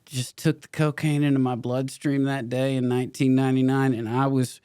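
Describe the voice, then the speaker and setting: A man's voice: medium pitch, level tone, moderate pace, warm tone, clear, resonant tone, no echo, studio quality. Blunt, swearing middle-aged man. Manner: blunt, swears freely, laughs between stories. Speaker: podcast guest, actor. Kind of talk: candid storytelling interview.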